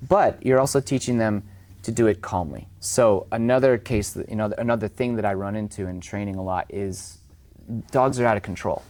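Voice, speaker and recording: A man's voice: fairly low pitch, moderate pace, a little mellow. A man speaking as a dog trainer guest in a casual podcast conversation, chatty, acting out owners and dogs in raised voices.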